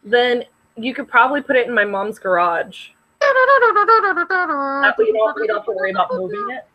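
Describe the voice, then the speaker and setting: A woman's voice: medium pitch, fast, muffled recording. A young woman co-hosting a podcast, rambling in casual chat with many fillers. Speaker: podcast co-host.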